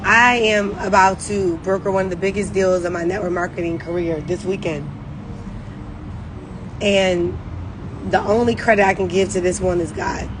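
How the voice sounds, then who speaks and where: A woman's voice: on the low side, steady tone, moderate pace, noisy background. A woman leading a network marketing team, giving a rambling, emphatic, faith-driven pep talk on a phone livestream.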